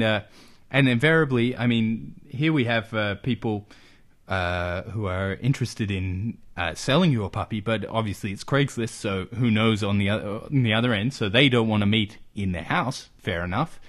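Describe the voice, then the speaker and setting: A man from Australia hosting a casual comedy podcast, his voice sitting somewhat low. He rambles through a story, stacking up fillers and asking rhetorical questions as he goes. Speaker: podcast host.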